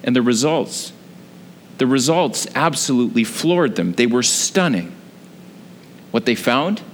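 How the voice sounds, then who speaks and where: A man preaching a sermon, telling a story with lively delivery and frequent ums and uhs. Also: medium pitch, a little slow, a little hiss or hum. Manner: animated storytelling with frequent fillers. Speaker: pastor. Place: church sanctuary. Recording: long hall reverb.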